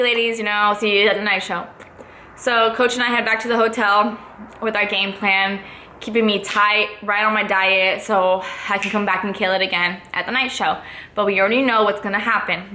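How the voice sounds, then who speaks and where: A woman's voice: medium pitch, pushed and bright, slight background noise. Fired-up young woman telling a story. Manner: candid and fired up, swears freely, many fillers. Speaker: fitness competitor. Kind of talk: casual storytime monologue. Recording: echoey room with faint ambience.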